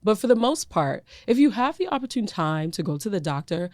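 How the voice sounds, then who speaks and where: Animated woman podcast co-host, dry sound. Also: mid-range voice, brisk, no room sound. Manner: animated, emphatic and repetitive, laughs often. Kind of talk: casual chat.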